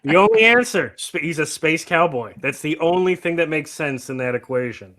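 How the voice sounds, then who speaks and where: A man hosting a casual livestream chat about music, animated and laughing often as he talks. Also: on the high side, moderate pace. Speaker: host.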